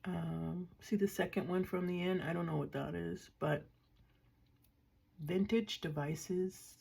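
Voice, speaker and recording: Older woman, low gravelly voice, casual crafting vlogger who thinks aloud and jokes dryly at herself. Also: steady tone, slow pace, darkish tone. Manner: chatty, thinking aloud, dry self-mocking. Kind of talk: casual crafting show-and-tell.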